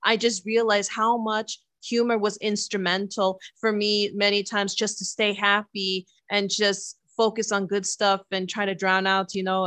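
A woman's voice: mid-range voice, a bit bright, no room sound. Woman, religious sister, earnest, talkative, restarts, dry video-call audio. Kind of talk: casual chat.

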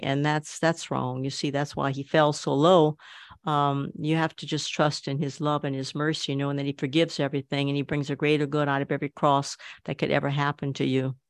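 Guy w/ slightly high voice, earnest spiritual talk, dry mic. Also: no echo. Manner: earnest, measured teaching.

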